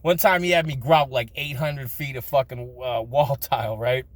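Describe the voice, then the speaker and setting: A man's voice: medium pitch, fairly even intonation, normal speed, no room sound. A man telling crude, funny childhood stories in a casual vlog, swearing often and laughing between lines. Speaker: storyteller.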